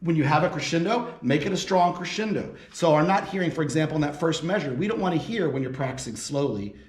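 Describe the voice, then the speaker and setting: A man's voice: fairly high pitch, lively intonation, fast talker. A man giving a percussion lesson, explaining audition tips and counting rhythms aloud as he demonstrates. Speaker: percussion professor. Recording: roomy with loud marimba.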